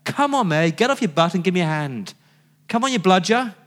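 A man's voice: high-pitched, lively intonation, a little fast, fairly bright tone, voice pushed up. Exasperated woman hosting dinner, put on by a male preacher, indignant. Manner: indignant, complaining.

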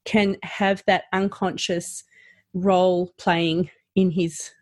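A woman with a fairly low voice talks in a lively, casual way and slips into firm, clipped voices to make her point. She is a trainer of practitioners, and the sound is dry and close, with no room around her. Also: slow pace, dry recording. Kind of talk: casual chat.

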